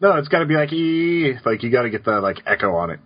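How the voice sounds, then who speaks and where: A man's medium-pitched voice races along in a sing-song way as he co-hosts a podcast, chatting casually and rambling through listener questions. The recording has dull lo-fi podcast audio.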